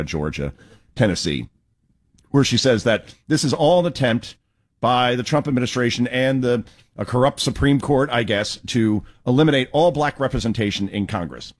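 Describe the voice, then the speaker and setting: A man hosting a talk show, giving sarcastic, mocking political commentary. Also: medium pitch.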